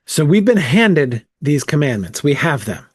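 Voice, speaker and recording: A man's voice: a little high, big pitch swings, measured pace, breathy edge, no echo, studio quality. A man leading a casual bible study, thinking aloud with frequent "um" and "right?" as he works through the text.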